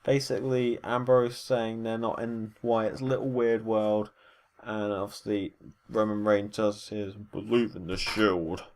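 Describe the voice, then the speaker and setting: A man's voice: lowish voice, level tone, unhurried, darkish tone. A man giving a casual, rambling recap of wrestling matches, full of fillers and self-corrections. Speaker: wrestling show reviewer.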